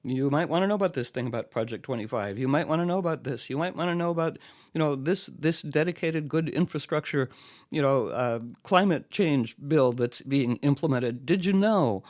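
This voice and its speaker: A man's voice: mid-range voice, a little fast, no echo. A man hosting a live radio pledge drive. He thanks callers by name in a rambling, effusive way, full of fillers and whimsical spiritual turns of phrase, speaking into a studio microphone. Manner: rambling and effusive, heavy on "you know" fillers. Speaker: radio host running a fund drive.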